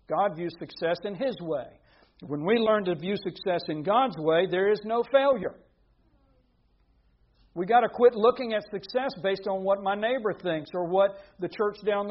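A man with a high voice preaches a conversational sermon, asking rhetorical questions and dropping to a hush before rising to emphatic points. The audio is dull.

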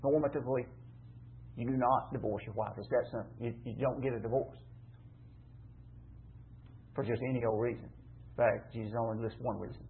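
A man's voice: mid-range voice, steady tone, normal speed, pauses often, slight background noise. A man teaching a Bible passage in a conversational sermon, emphatic and repetitive, asking rhetorical questions. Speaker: preacher teaching scripture. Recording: tinny phone-like line.

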